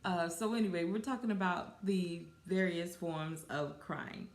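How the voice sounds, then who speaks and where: A low-pitched woman hosts her own podcast in a loose, chatty way. She giggles often and talks straight to her listeners as y'all. The sound is roomy, with a clear echo around her voice. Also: unhurried. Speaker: podcast host. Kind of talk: casual solo podcast talk.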